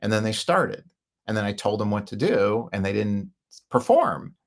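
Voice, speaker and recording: A man's voice: fairly low pitch, very animated, moderate pace, vocal fry. A middle-aged man telling a personal story in a chatty, casual way, laughing often and acting out quoted lines. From Chicago area, United States. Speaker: podcast host.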